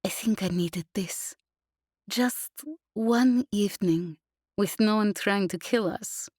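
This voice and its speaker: A woman voicing a tender, fond young woman who speaks softly in an audiobook. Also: mid-range voice, slow, dry recording, clean studio sound, pitched above the performer's own voice. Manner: soft, murmured.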